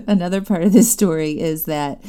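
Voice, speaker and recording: A woman in her thirties hosting a podcast, telling a personal story in a chatty, animated way with many fillers. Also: on the low side, moderate pace, clear, resonant tone. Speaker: podcast host. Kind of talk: casual storytelling monologue.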